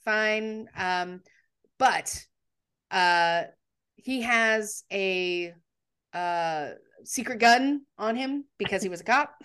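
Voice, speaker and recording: A woman's voice: mid-range voice, slow pace, a bit bright, clean tone. A woman co-hosting a casual chat, retelling a film's plot in a chatty way with many ums. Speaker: podcast co-host. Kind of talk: casual movie recap chat.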